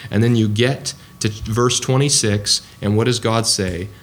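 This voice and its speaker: A man's voice: on the low side, fairly even intonation, unhurried. A man preaching a sermon in a conversational way, with frequent ums and restarts.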